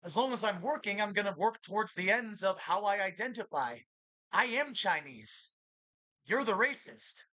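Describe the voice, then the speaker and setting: A woman's voice: mid-range voice, animated, normal speed, pushed and bright, no room sound, poor audio. A woman vlogger in an agitated, accusatory monologue that keeps repeating itself. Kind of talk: ranting monologue to camera.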